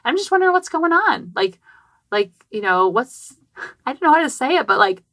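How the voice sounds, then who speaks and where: A woman in her thirties hosting a parenting podcast from a small closet, telling a personal story in an animated, chatty way and acting out quotes, with many "like" fillers. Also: high voice, normal speed, no room sound. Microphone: podcast microphone.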